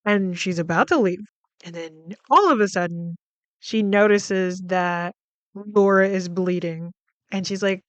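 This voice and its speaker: A woman's voice: mid-range voice, moderate pace, clear, resonant tone, dry recording, muffled recording. A woman hosting a podcast, recapping a film in a casual, chatty way, full of "like" fillers and freely swearing. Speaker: podcast host.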